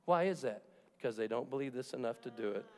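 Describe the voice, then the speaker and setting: A man's voice: medium pitch, expressive, quick pace, a little mellow. A man preaching a sermon as pastor, in an emphatic and jokey way, acting out the people he quotes. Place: large church sanctuary. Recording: long reverb of a church hall.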